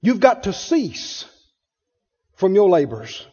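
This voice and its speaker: A male preacher with an unusually high, mellow voice delivers his sermon with emphatic call-and-response. The recording is dull and lo-fi. A long hall reverb trails after every phrase. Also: sing-song, slow pace, slightly rough.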